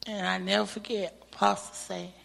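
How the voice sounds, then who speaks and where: A woman speaks slowly and earnestly before a church gathering, her voice gravelly and breathy. Her testimony builds to fervent praise. The sound carries the long reverb of a church hall. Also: medium pitch, flat delivery, fairly bright tone. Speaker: church member giving testimony.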